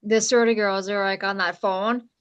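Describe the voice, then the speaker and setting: A woman's voice: medium pitch, steady tone, fairly quick, clean tone. Casual woman chatting about a movie. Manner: loose, filler-heavy reactions. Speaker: podcast co-host. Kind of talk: casual chat.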